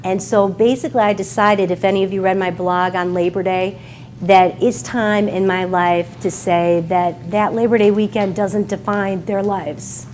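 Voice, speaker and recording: A woman's voice: mid-range voice, steady tone, normal speed, a little mellow. Woman author, Midwest accent, emotional talk to a live bookstore audience, faint background noise. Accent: American Midwest. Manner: emotional, heartfelt, near tears at times. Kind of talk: emotional speech at a book signing. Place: bookstore event room with an audience.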